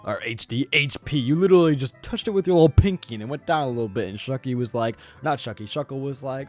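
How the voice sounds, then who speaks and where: A man giving casual, joking commentary while playing a video game, excitable and quick to laugh. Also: mid-range voice, soft background music. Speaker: gaming channel host.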